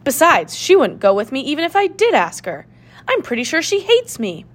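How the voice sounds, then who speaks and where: Picture a fretful young boy in a storybook mystery, as a woman reader puts him on. His voice jumps up high, lively and questioning. It sounds strained and incredulous, always a little uneasy. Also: moderate pace, a little hiss or hum. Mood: protesting. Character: boy, nervous, reluctant young sidekick.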